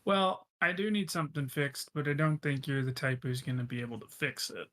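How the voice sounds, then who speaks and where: A man's voice: on the high side, fairly even intonation, a little fast, a bit bright, a little hiss or hum, lightly acted. A man voicing a tough, guarded woman who runs a gas station and carries a gun, speaking bluntly and menacingly. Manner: blunt, menacing, hesitant fillers.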